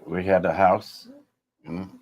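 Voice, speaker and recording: An older man, the host's father, guest on a podcast, chiming in quietly with short remarks and questions. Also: deep voice, flat delivery, takes it slowly. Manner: quiet, brief interjections and leading questions. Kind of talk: casual family chat.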